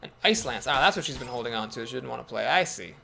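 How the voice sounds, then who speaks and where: A man's voice: medium pitch, expressive, quick pace, gravelly, bright, forceful tone, a little hiss or hum. A man giving casual commentary on a card game, thinking aloud in a wry, self-doubting way. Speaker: gameplay commentator.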